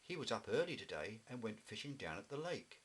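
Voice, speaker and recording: A man's voice: lowish voice, big pitch swings, fairly quick, fairly bright tone, slightly rough, heavily acted. A man voicing a proper, firm mother bear in a children's storybook reading. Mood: motherly.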